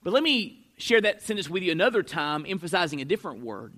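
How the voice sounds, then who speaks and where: A man's voice: sits high, very animated, a little fast, hardly any pauses, fairly bright tone. A pastor preaching an expository sermon, a man who leans hard on key words and lets his voice swell and drop for emphasis.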